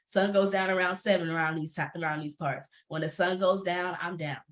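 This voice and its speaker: A woman's voice: fairly low pitch, steady tone, brisk. A woman from Atlanta, speaking expressively and laughing often as a panelist entrepreneur on a video call. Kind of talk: panel discussion, personal testimony.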